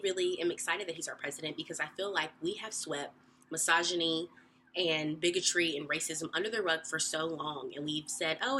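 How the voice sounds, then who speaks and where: A young woman vlogging to camera, talking passionately and emphatically, her voice climbing into high exclamations. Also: sharp tone, slight background noise. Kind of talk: casual talk to camera.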